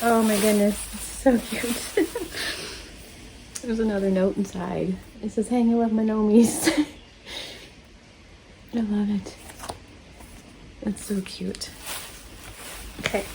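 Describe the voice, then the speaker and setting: A woman's voice: mid-range voice, steady tone, slow, gravelly, pauses often, background noise. A woman hosting a crafting channel, chatting casually and emotionally as she opens her mail, laughing often and gushing her thanks. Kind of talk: casual chat while opening mail.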